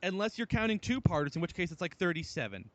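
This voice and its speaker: A man's voice: high voice, sing-song, fast, fairly bright tone, dry recording. A man co-hosting a comedy podcast, arguing a point playfully with giggles. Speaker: podcast co-host. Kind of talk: casual comedy podcast chat.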